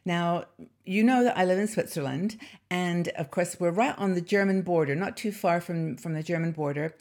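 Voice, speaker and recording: A woman's voice: on the low side, moderate pace, darkish tone. A British woman in her sixties hosting a casual vlog, chatty and rambling, laughing often between fillers. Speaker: channel host.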